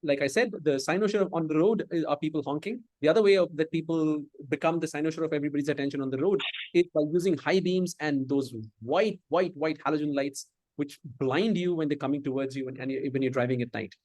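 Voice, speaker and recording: A man with an Indian English accent serves as the evening's host at a speaking club. His voice sits a little high and sounds dry and close, and he sometimes falters and starts over mid-sentence. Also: darkish tone, dry recording. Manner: halting, restarts when searching for words. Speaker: Toastmaster of the Day. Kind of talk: club meeting hosting.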